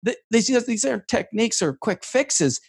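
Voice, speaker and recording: A man's voice: high-pitched, normal speed, creaky, slightly rough, dry recording, studio quality. A man hosting a podcast, a coach who tells stories animatedly and acts out the dialogue. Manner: animated storyteller acting out dialogue. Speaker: host, coach. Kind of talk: casual podcast conversation.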